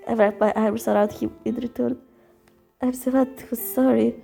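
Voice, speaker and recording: A woman's voice: fairly high pitch, steady tone, normal speed, vocal fry, dark tone, soft background music. A woman reading a visual novel aloud in the first person, emotional, with stumbles and restarts. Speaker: reader voicing a visual novel.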